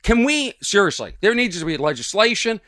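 A man hosting a solo comedy podcast early in the morning, animated and sarcastic, mock-exasperated, sleepy but energized. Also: high-pitched, a little fast, no echo. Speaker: podcast host. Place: at home early morning, birds outside.

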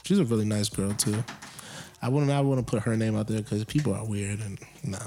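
A man's voice: on the low side, fairly even intonation, brisk, mellow, soft background music. A young man chatting casually on his podcast, joking and going off on rambling rants about his pet peeves. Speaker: podcast co-host. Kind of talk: casual chat.

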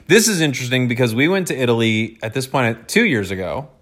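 A playful American man hosting a relaxed podcast conversation. He jokes around and laughs easily as he talks. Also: mid-range voice, fast. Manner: playful, laughs often, jokey voices. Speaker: podcast host. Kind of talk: casual chat.

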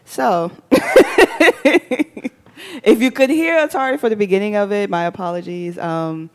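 A woman hosting a casual talk show from a studio, chatty and quick to laugh. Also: mid-range voice, clear, resonant tone. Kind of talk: casual chat.

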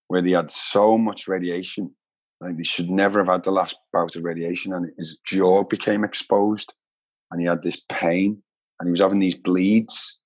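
A man's voice: deep voice, husky. A man telling heartfelt personal stories in an earnest, emotional way. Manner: earnest, heartfelt, says "mate" often. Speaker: podcast guest. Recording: dull lo-fi sound.

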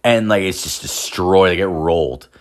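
Man, low voice, casual rambling storyteller, heavy swearing; brief: crude anecdote teller. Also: normal speed. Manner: rambling, swears constantly, acts out quoted voices.

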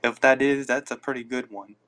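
A man's voice: mid-range voice, flat delivery, brisk, a bit bright. A man hosting a casual live podcast on his phone, rambling and reacting aloud to listener comments. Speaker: podcast host.

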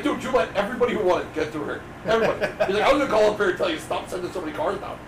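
A man's voice: extremely high pitch, far from the mic. A man telling a profane anecdote among friends, rowdy and laughing as he goes. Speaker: player. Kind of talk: animated storytelling anecdote. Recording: echoey room, off-mic, with background noise.

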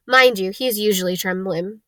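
A woman voicing a huge, gruff, friendly half-giant man who talks in a blunt, homely way. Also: mid-range voice, moderate pace, fairly bright tone, no echo, close to an everyday voice. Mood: chatty. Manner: hearty, blunt, homely speech.

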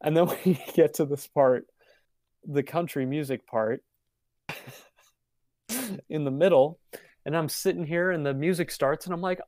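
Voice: medium pitch, unhurried, pauses often, darkish tone, dry recording, studio quality. A podcast co-host in casual chat, hesitant with many fillers and often breaking into laughter. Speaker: podcast co-host reviewing an album.

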